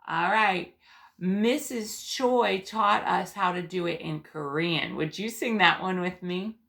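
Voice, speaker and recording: A woman teaching preschoolers, speaking slowly and gently with lots of encouragement. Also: on the low side, vocal fry. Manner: slow, gentle and encouraging, sings call-and-response songs. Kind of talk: teaching young children on video.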